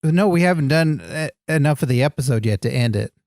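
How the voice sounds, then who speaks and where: A man's voice: a little high, expressive, brisk, creaky, a little mellow, no room sound, studio quality. A man co-hosting a comedy podcast, earnestly enthusiastic in a goofy way. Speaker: podcast co-host. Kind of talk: comedic banter.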